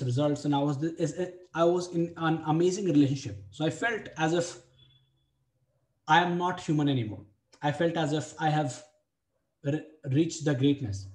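Young man, slightly high voice, blunt, profane storytelling, echoey room. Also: fairly quick, darkish tone. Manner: blunt, profane, repeats phrases for emphasis. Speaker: dating coach. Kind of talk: personal story for a webinar.

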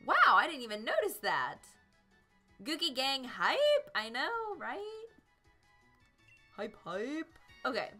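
A woman's voice: high-pitched, sing-song, takes it slowly, long pauses, sharp tone, soft background music. Bubbly woman streaming a game. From South Carolina. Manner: bubbly, giggly, chatty with chat. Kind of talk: live gameplay commentary.

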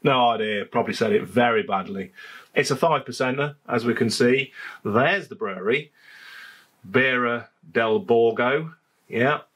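A man with a Leicestershire accent talks through a beer review in a relaxed home vlog. His voice sits at an ordinary middle pitch for a man. He speaks casually, cracks jokes and likes to say the same phrase twice. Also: moderate pace. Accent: Leicestershire English. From England. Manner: chatty and jokey, repeats phrases. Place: home garden, outdoors.

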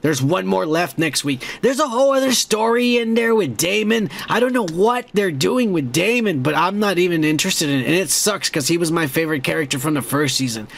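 A young man hosting a podcast, rambling and swearing excitedly as he reviews a show episode. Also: sits high, fairly quick, creaky, hardly any pauses. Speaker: podcast host. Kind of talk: casual profane show review.

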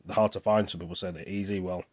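A man's voice: low voice, steady tone, fast talker, a little mellow. A young British man talking with his mouth full, venting in a rambling, indignant casual vlog. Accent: British English. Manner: rambling and indignant, with restarts and repeated words. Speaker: vlogger.

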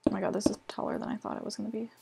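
A woman's voice: mid-range voice, level tone, very fast, creaky, darkish tone, husky. A young woman chatting casually as she plays a game, self-mocking and full of filler words. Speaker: gaming vlogger. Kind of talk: casual gameplay commentary. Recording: noisy home recording.

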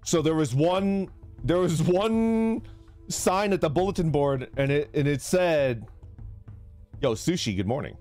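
Animated, laughing male streamer. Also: fairly high pitch, measured pace, soft background music. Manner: laughs a lot while telling stories, reads chat names aloud. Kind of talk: casual live-stream chat.

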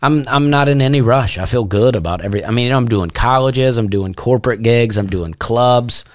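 A man's voice: medium pitch, brisk, no room sound. A man from Alabama, a stand-up comedian chatting casually as a podcast guest in a laid-back storytelling way. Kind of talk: casual interview chat.

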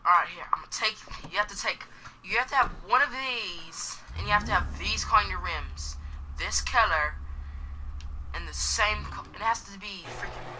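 Female streamer, fake English accent, swears a lot, casual tutorial patter, mid-pitched, noisy game audio behind. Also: bright, forceful tone. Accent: put-on English accent. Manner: rambling, crude, swears a lot, restarts often. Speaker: gameplay streamer. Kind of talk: casual gaming tutorial commentary.

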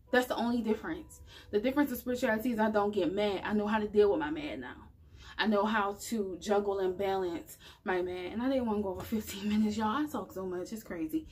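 With a husky, mid-range voice and a quick pace, a woman addresses her viewers head-on in an earnest, chatty spirituality vlog. The talk is casual and motivational, delivered to camera.

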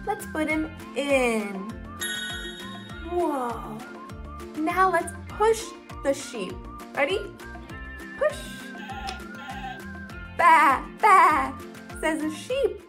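Very high, slow sing-song toddler teacher woman. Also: sing-song, over music. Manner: exaggerated, encouraging, drawn-out words. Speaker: children's educational video host.

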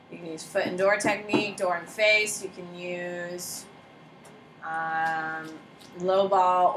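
A woman teacher giving a casual, joking classroom lecture and often saying "like". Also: mid-range voice. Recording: roomy classroom echo with faint noise.

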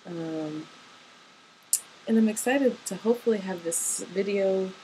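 A woman's voice: mid-range voice, measured pace, dark tone, a little hiss or hum, low-quality recording. A young woman, a college student, records a rambling, tender voice message to her partner, full of ums and hesitations. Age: young adult.

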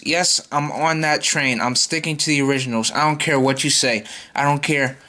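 A man's voice: a little high, fairly even intonation, normal speed, bright, forceful tone. A man ranting in a vlog, exasperated and repeating himself as he vows to boycott a movie. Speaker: YouTuber.

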